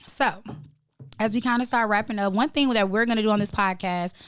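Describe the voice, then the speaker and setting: A woman's voice: medium pitch, fairly quick, a bit bright, clear, resonant tone, no room sound, studio quality. A young woman co-hosting a casual group podcast as a real estate agent, chatting playfully and hyping up her co-hosts with slangy banter. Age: young adult.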